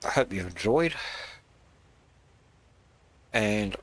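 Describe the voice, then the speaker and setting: A man hosting a gaming channel, casually talking through his game build in a rambling, halting way with many fillers. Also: on the low side, animated, dry recording. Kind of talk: casual gameplay walkthrough.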